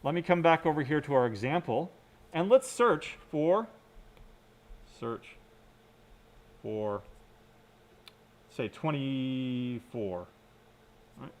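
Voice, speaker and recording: Slow and pausing often, this man's mid-range voice still carries lively intonation as he gives a recorded computer science lecture. A university lecturer, he explains things one step at a time, keeps asking "right?", and quietly mutters to himself while working on screen.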